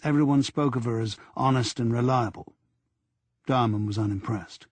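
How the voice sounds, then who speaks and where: Husky male audiobook narrator. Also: mid-range voice, normal speed, no echo. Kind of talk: scripted narration.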